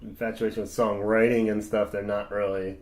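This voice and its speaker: A man's voice: lowish voice, level tone, normal speed, a little mellow. A man in his forties co-hosting a podcast, talking loosely and enthusiastically, swearing casually. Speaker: podcast co-host. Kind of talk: casual chat.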